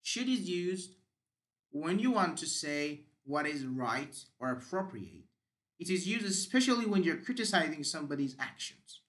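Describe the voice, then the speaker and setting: A man's voice: fairly high pitch, very animated, normal speed, a bit bright. A man teaching English grammar, explaining step by step with examples and the odd "uh".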